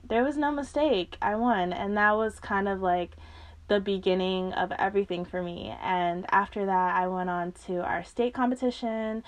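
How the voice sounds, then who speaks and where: A young woman in her twenties hosting a podcast, telling a personal story in a casual, animated way, often laughing and acting out what others said. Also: mid-range voice. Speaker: podcast host.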